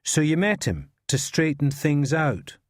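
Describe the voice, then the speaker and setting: A man's voice: fairly high pitch, very animated, unhurried, no echo. An actor playing a patient male detective who questions a suspect with dry, probing politeness. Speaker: police interrogator.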